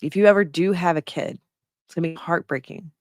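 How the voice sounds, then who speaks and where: A woman's voice: fairly low pitch, brisk, a little mellow, no room sound, studio quality. A middle-aged woman giving casual commentary on a news article she reads aloud, blunt and sarcastic and swearing freely.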